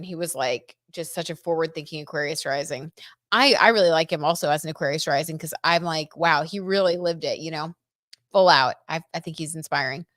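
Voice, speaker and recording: A young woman with a fairly low voice reads tarot cards on a casual livestream, chatting with her viewers and breaking into giggles. Her voice sounds close and dry, with no room around it. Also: fairly bright tone, no room sound. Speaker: tarot reader and livestream host.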